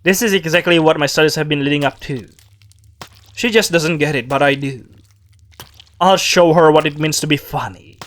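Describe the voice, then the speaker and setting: A man's voice: a little high, normal speed, a bit bright, lightly acted. A man voicing a deranged man obsessed with being funny, who mutters scornfully to himself. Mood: scornful muttering.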